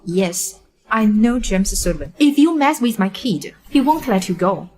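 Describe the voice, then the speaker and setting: A woman's voice: mid-range voice, animated, unhurried, darkish tone, close to an everyday voice. Woman doing a hurt young mom, bitter and pleading, voice jumps around a lot. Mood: defiant. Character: wronged young mother, defiant and grieving.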